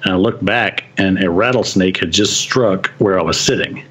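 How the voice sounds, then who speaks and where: A man's voice: low voice, normal speed, fairly bright tone, husky. A man from West Texas, a podcast guest telling stories in casual chat and chuckling often as he goes. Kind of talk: casual storytelling.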